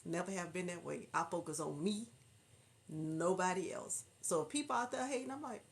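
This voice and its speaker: A woman with a natural Southern drawl hosts a casual livestream, chatting and laughing along with her viewers. Her voice sits at a middle pitch, and she greets people by name as she reads their comments aloud. Her manner is loose and easygoing. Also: lively intonation, normal speed. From Houston, Texas. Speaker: livestream host.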